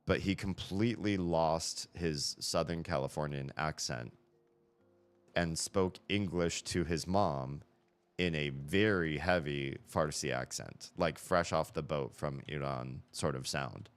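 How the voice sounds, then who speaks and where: A man's voice: rumbling low, slow pace, smooth. A man hosting a live stream, rambling through casual chat and correcting himself as he thinks aloud into a headset mic.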